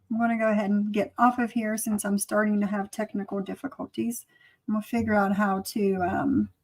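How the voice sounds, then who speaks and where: A woman's voice: mid-range voice, darkish tone. A woman hosting a casual livestream, talking through her computer mic, flustered and apologetic. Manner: flustered, apologetic about tech trouble. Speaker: livestream host.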